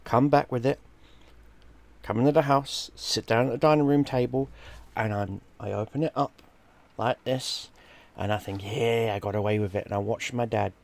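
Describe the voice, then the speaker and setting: This creaky, medium-pitched voice belongs to a middle-aged streamer from London, England, casually spinning a story. He's animated, curses freely and performs the people he quotes, on a recording with no room sound.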